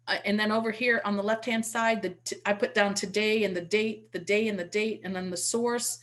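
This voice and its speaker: A woman's voice: mid-range voice, steady tone, a little fast, hardly any pauses, a bit bright. A woman teaching real estate investing in an online webinar, speaking through a computer mic in a chatty way and repeating words as she restarts. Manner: demonstrates with call scripts.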